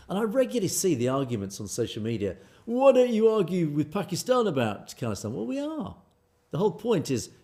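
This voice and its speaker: A man hosting a commentary show, talking casually to his viewers with many fillers and restarts. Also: medium pitch. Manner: chatty, many fillers and restarts, lively emphasis.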